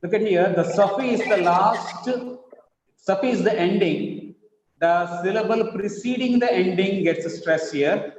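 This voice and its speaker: A man teaching an online phonetics class, patiently repeating words slowly to model stress. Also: high-pitched, a little mellow, slight background noise. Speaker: English teacher. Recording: echoey, dull online call audio.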